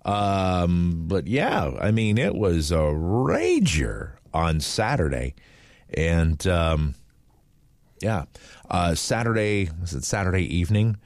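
A male morning radio host rambles through the news with plenty of fillers and restarts. His voice sits very low yet swings widely in pitch. The studio sound is dry and close. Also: sing-song, takes it slowly, a little mellow, no echo. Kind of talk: casual morning radio chat. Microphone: studio microphone.

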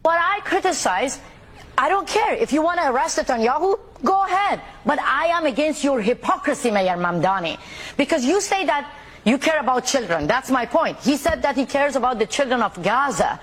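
A woman from the Middle East, an activist interviewed on the news, speaking forcefully and insistently. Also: sits high, very animated, moderate pace. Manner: forceful, insistent, listing examples. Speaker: activist guest.

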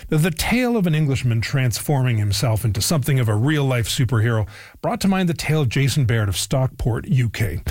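A man's voice: mid-range voice, darkish tone, dry recording, clean studio sound. A man reading a scripted radio introduction with wry storytelling. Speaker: radio host. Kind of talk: scripted narration.

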